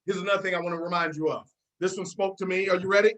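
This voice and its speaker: A woman's voice: lowish voice, steady tone, rapid-fire, rough recording. A woman hosting a team video call, giving a fired-up motivational pep talk, repeating herself and calling out listeners by name.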